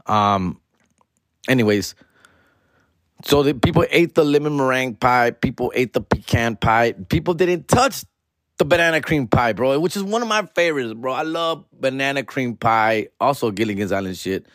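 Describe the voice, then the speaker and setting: A man's voice: normal speed, dry recording, clean studio sound. A man, telling a casual, slang-heavy story as podcast host, dropping into Spanish and acting out relatives. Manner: slangy, peppered with "fool" and "dog", switches into Spanish; animated, acts out family members in higher voices. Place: home, alone in the house.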